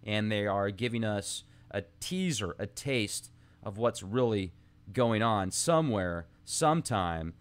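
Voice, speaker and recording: Slow and animated, this man's lowish voice has a clean tone. As a podcast host, he drifts through a casual, rambling monologue with asides, pausing his thoughts to read old texts out loud.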